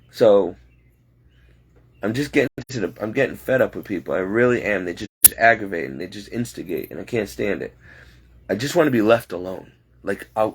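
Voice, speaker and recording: A man's voice: on the low side, husky. A man, a home caregiver, rambling and exasperated as he vents in a late-night vlog. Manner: talking to himself, restless and frustrated.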